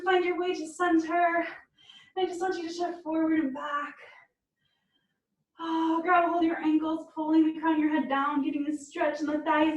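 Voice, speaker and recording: A woman's voice: high voice, a little mellow, echoey room, distant mic, rough recording. A woman fitness instructor leading an online cool-down and stretch class, encouraging and upbeat, laughing often. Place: room at home on a video call.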